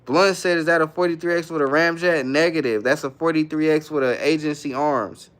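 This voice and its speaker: A young man hosts a casual livestream, reading each viewer comment aloud and then answering it in easygoing slang. His voice sits a little high for a man and comes through smooth and clear. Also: a little fast, a bit bright. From San Francisco Bay Area, California. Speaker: livestream host.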